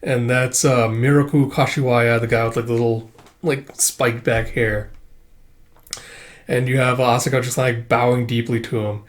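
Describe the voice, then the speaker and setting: A man's voice: medium pitch, flat delivery, moderate pace. A man hosting a casual manga read-through, rambling with lots of "uh" and "like" fillers. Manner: rambling with frequent "uh" and "like". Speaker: manga reading channel host.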